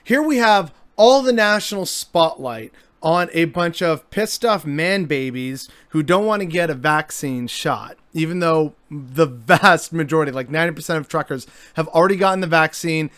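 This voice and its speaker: A man's voice: on the high side, animated, normal speed, hardly any pauses, a bit bright, no room sound. A man delivering an exasperated, sarcastic commentary monologue as a vlogger.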